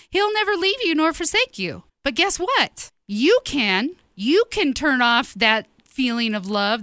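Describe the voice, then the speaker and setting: A woman's voice: high-pitched, bright, forceful tone, dry recording. A woman giving an earnest personal testimony sermon as host of her ministry show, speaking emphatically and directly to her listeners.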